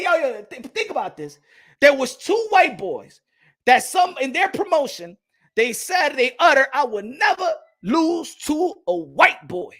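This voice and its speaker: Boxing vlog host, man with a high pitched voice, heated profane rant with shouty bursts. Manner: repeats phrases, laughs at own points. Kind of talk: casual boxing commentary vlog.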